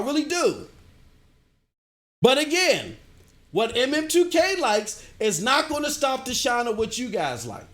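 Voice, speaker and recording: A middle-aged man streaming games, ranting and answering his chat in an animated way. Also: very high voice. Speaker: gaming streamer. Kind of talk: livestream commentary, answering chat.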